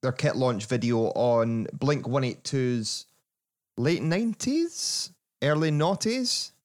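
A man hosting a casual football podcast, chatty and quick to laugh. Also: mid-range voice. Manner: chatty, laughing, animated asides. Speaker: podcast host.

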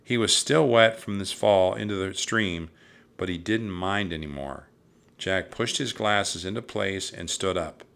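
A narrator with a deep, low voice reads a children's storybook aloud, taking an unhurried pace. His tone is bright and crisp, staying steady and even throughout the tale.

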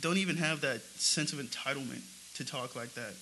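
A man's voice: mid-range voice, a little fast, a little hiss or hum, poor audio. A man co-hosting a casual podcast chat, telling funny stories with a lot of laughter. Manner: laughing storyteller, animated. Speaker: podcast co-host.

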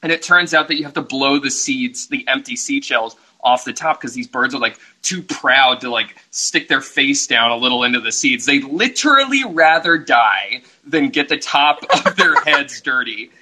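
A young man co-hosting a podcast, telling stories in a casual, animated way and laughing often. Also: mid-range voice, moderate pace, few pauses, breathy edge, rough recording. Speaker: podcast co-host. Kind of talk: casual chat.

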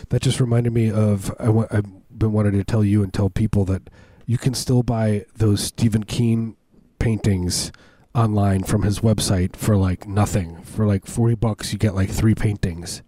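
A man's voice: on the low side, fairly even intonation, normal speed, warm tone, dry recording. A man co-hosting a podcast in casual, rambling, jokey chat with frequent restarts. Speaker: podcast co-host.

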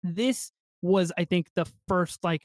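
A man's voice: high-pitched, slow, no echo, clean studio sound. A man co-hosting a film podcast, chatting casually and animatedly, swearing and laughing often. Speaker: podcast co-host. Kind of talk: casual film review chat.

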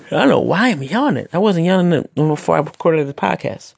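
A man's voice: a little high, animated, brisk, gravelly, slightly rough, dry recording. A man who wrestles, hosting a casual podcast monologue, rambling and opinionated, with many restarts.

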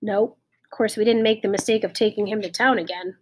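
Woman doing a gentle old storyteller. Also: mid-range voice, steady tone, a little fast, husky, close to an everyday voice.

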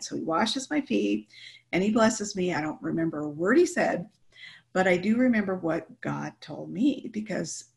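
A middle-aged woman telling a personal faith story in a lively, animated way, often laughing. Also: medium pitch, creaky. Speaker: guest telling her story. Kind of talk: personal testimony chat.

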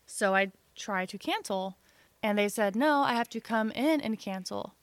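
A young woman co-hosting a podcast, chatting casually in a calm, measured way. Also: medium pitch, no echo. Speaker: podcast co-host. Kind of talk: casual chat.

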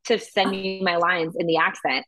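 A woman's voice: on the low side, fairly even intonation, normal speed, sharp tone, no room sound, faint music behind, poor audio. A woman co-hosting a podcast, chatting casually and earnestly and acting out her own thoughts. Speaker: podcast co-host. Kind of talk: casual chat.

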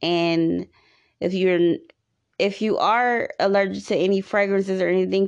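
A woman's voice: on the low side, fairly even intonation, measured pace, creaky, darkish tone, highs cut off. A woman hosting a podcast, giving rambling, repetitive advice in a casual monologue. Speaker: podcast host.

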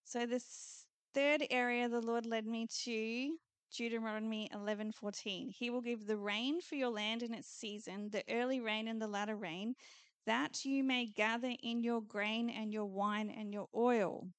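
A woman's voice: on the high side, steady tone, a little slow, smooth, dry recording. A woman preaching prophetically at a church conference, declaring promises over the listeners in earnest, repeated phrases. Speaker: conference speaker.

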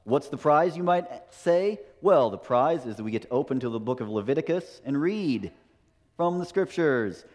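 A man's voice: medium pitch, expressive, moderate pace, darkish tone. Preaching man in an echoing hall. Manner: peppers points with "right?" and rhetorical questions. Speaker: pastor. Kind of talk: sermon. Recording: long hall reverb.

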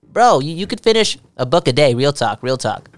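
A man's voice: on the high side, sing-song, normal speed, dry recording. A man co-hosting a casual podcast, loose and jokey, who keeps repeating a catchphrase. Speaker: podcast co-host. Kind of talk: casual chat.

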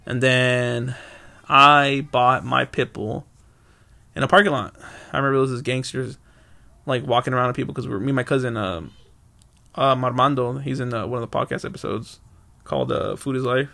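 A man's voice: medium pitch, fairly even intonation, normal speed, vocal fry, long pauses, sharp tone. A young man hosting a podcast, telling loose, rambling stories in casual chat, swearing freely and correcting himself often. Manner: rambling, loose and profane, many fillers and self-corrections. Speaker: podcast host. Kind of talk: casual solo storytelling.

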